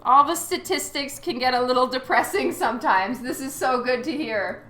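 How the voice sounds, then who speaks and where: A woman's voice: high-pitched, normal speed, bright, forceful tone. A woman artist chatting casually with her live-stream viewers, laughing often as she reads their messages. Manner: giggly, reads chat messages aloud. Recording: roomy echo with faint music. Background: faint background music.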